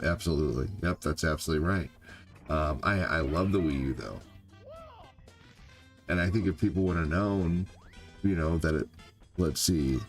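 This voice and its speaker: Older male streamer, deep low voice, loose rambling chatter over quiet game music. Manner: rambling, heavy on "you know" and "like". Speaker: gaming streamer. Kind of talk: live gameplay stream chat.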